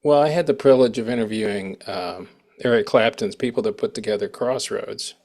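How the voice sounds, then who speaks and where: A man's voice: lowish voice, brisk, gravelly, darkish tone. A man hosting a casual interview who rambles and breaks off mid-sentence, restarting his thoughts. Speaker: interview host.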